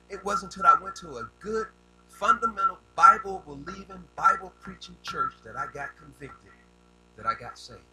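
Brief: older male preacher, folksy, high voice, faint music behind. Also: pushed and bright, poor audio. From rural United States. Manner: folksy, repeats words when building up. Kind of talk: sermon.

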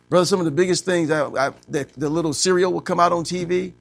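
Man preaching, gravelly, pitched a bit high, swings loud to hushed. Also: fast talker, hardly any pauses, no room sound. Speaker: pastor. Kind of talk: sermon.

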